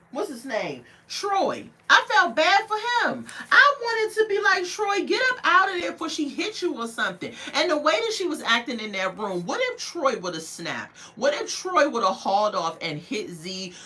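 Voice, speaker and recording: A woman recapping a reality TV episode as a casual, outspoken commentator. She tells the story in an animated, gossipy way and judges the people in it bluntly. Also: mid-range voice. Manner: outspoken and judgmental. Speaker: TV show reviewer.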